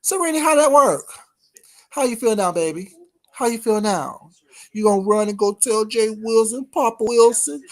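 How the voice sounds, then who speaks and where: A woman hosting a livestream, ranting at her chat in a profane, confrontational way that swings between loud and quiet. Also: fairly high pitch, animated, moderate pace. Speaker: livestream host. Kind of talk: heated livestream rant to chat.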